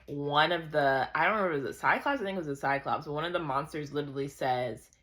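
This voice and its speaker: A woman's voice: low voice, fast talker, fairly bright tone. A woman in her thirties giving a casual, chatty book recap, ranting in exasperation. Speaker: book vlogger.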